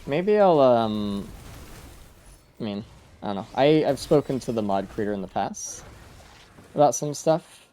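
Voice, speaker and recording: Sleepy and yawning, a man streams a game live and chats casually with viewers, rambling in a laid-back way and trailing off with fillers. His mid-range voice is mellow and expressive, unhurried, with frequent pauses.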